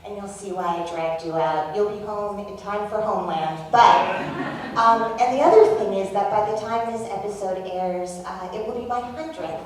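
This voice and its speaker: A woman's voice: medium pitch, moderate pace. A woman hosting a live podcast interview on stage, talking in a chatty, joking way. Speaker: podcast host. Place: theater stage before an audience. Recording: echoey room, far from mic, audience. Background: audience.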